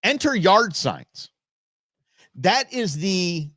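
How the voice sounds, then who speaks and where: A man's voice: a little high, animated, normal speed, no room sound, studio quality. Rambling middle-aged man hosting a live stream. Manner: rambling, with many fillers and restarts. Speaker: show host. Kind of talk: live-stream talk show monologue.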